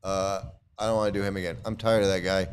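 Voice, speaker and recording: A man's voice: quick pace, clean tone. Mocking man ranting in casual commentary. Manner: animated, mocking, swings into high exclamations. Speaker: commentary host.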